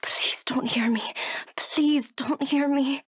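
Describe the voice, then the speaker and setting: A woman's voice: sits high, slow, a bit bright, no room sound, studio quality. Hunted young woman whispering. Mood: tense. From Texas. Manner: whispers and talks herself through danger. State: wounded and in pain. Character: frightened young woman hiding from killers. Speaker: game character. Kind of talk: video game voice acting.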